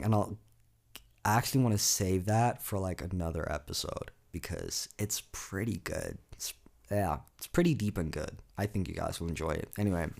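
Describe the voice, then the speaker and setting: An eighteen-year-old man from South Africa talks through his own podcast in a low, gravelly voice. He rambles loosely, leaning on fillers and swearing freely. The delivery is an unscripted solo monologue. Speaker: podcast host.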